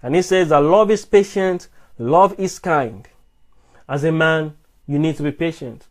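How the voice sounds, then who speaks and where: A man's voice: a little high, unhurried, darkish tone. A man preaching about love and manhood to an online audience, asking emphatic rhetorical questions and often restarting and repeating his words. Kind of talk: live-streamed sermon answering comments.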